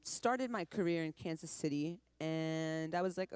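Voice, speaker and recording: Low-voiced chatty woman from Trinidad. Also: darkish tone, clean tone, no echo. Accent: light Caribbean under an American accent. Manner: chatty, laughing, quick asides. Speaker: musician guest. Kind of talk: casual interview chat.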